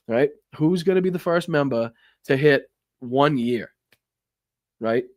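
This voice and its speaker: A man's voice: medium pitch, a little mellow, no room sound. A man with a Boston accent hosting a live stream, chatting casually, swearing now and then and thanking viewers by name.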